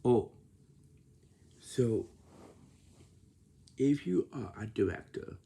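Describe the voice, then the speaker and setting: A man's voice: medium pitch, big pitch swings, takes it slowly, creaky, long pauses, warm tone, slightly rough. A man talking casually to camera, lecturing about lazy and rude behaviour and repeating himself often. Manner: repetitive, lecturing about manners.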